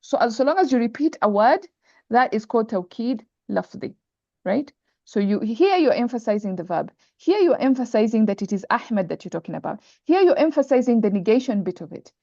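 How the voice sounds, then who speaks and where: A woman's voice: on the high side, sing-song, fairly quick, vocal fry, dark tone, dry recording. A woman teaching Arabic grammar in an online class, patiently repeating terms and checking that students follow. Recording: dull lo-fi online call audio.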